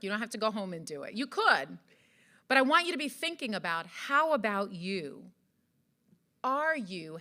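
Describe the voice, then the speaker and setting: A woman's voice: medium pitch, bright, forceful tone. A woman from Jamaica giving an earnest motivational speech to an audience, full of rhetorical questions. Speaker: event speaker. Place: event hall.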